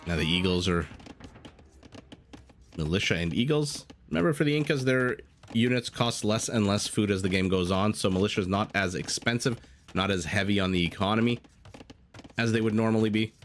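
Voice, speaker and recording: A man's voice: fairly low pitch, normal speed, slight background noise. Chatty man casting a strategy game live. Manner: chatty, joking with chat between play-by-play. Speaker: game caster. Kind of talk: live esports commentary.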